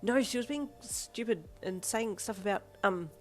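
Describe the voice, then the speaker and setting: A woman voicing a brash, flippant delinquent teenage schoolgirl who often shouts. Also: medium pitch, normal speed, soft background music, pitched above the performer's own voice, close to an everyday voice.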